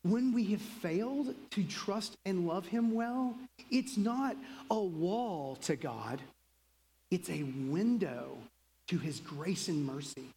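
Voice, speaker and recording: Pastor preaching in a reverberant hall. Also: medium pitch. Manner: conversational, acts out quotes in lively voices. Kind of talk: sermon.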